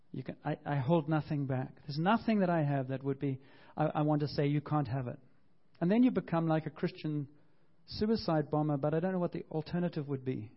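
Casting note: male pastor, fervent sermon delivery, higher-pitched voice, muffled lo-fi recording. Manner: impassioned, repeats himself, acts out quotes.

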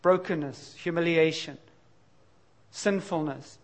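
A man's voice: on the high side, takes it slowly. Candid, emphatic male preacher. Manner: candid, confessional, conversational with sudden emphatic bursts. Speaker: pastor. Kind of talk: sermon.

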